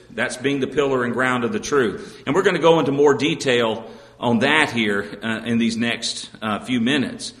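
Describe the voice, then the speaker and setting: A man preaches a sermon at an ordinary middle pitch, earnest and steady, often stopping to read scripture and pose rhetorical questions. His voice rings through a large, echoey hall with a long reverb tail.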